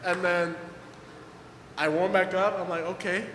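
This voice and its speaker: A young man, telling stories at a skate event Q&A in a casual, animated way, full of fillers and acted-out quotes. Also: sits high, a little slow, slight background noise. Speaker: guest pro skateboarder. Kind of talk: casual storytelling at a Q&A. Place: event hall with audience. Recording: echoey hall, faint ambience.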